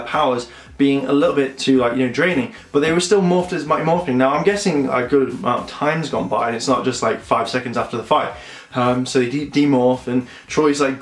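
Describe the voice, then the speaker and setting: A man reviewing a TV episode in a casual, rambling way, with many fillers, acting out characters' lines. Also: mid-range voice. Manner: rambling, many fillers, acts out quotes in voices. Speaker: show reviewer. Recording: roomy echo.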